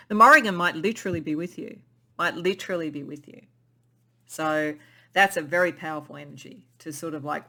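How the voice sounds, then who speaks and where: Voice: mid-range voice, sharp tone. A tarot reader giving a pick-a-card reading in an intuitive, musing way, often repeating and restarting phrases.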